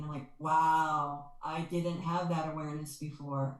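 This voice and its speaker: A woman's voice: sits low, fairly even intonation, moderate pace. A woman guest and spiritual energy healer, talking earnestly and expressively in an interview and repeating words for stress. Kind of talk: conversational interview, explaining and storytelling. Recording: echoey room.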